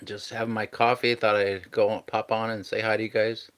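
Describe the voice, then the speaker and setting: Low-voiced man chatting on a live stream. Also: flat delivery, brisk, a bit bright, smooth. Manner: easygoing, thanks viewers and reads their messages aloud. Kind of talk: casual live stream chat.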